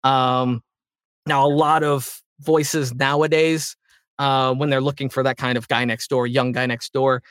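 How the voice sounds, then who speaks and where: High-energy man, voice actor guest. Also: measured pace, clear, resonant tone, dry recording, studio quality. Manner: high energy, animated storyteller. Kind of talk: casual interview chat.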